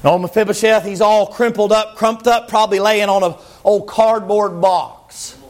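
High-voiced, shouting preacher. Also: male voice, fairly even intonation, normal speed. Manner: dramatic, repetitive lists, bursts of shouting. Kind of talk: sermon.

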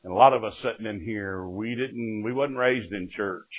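A middle-aged man with a fairly low voice preaches at a moderate pace, telling his testimony fervently in a sermon. He keeps breaking in with "Amen," and the recording has a tinny, lo-fi, phone-like sound.

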